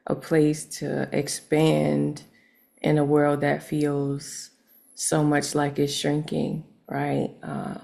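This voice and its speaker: A woman poet answering interview questions in a relaxed, reflective way, with frequent fillers. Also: deep voice, takes it slowly, vocal fry. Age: adult. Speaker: poet and open mic host.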